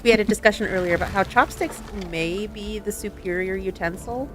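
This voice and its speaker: A woman's voice: mid-range voice, a little fast, soft background music. A woman co-hosting a game stream, chatting casually and upbeat into a desk microphone.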